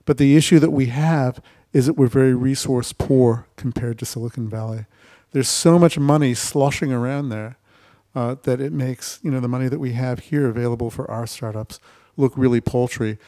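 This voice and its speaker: A man speaking as an investor on a festival panel discussion, talking with lively storytelling and acting out quotes. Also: medium pitch, normal speed, few pauses. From United States. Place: festival stage.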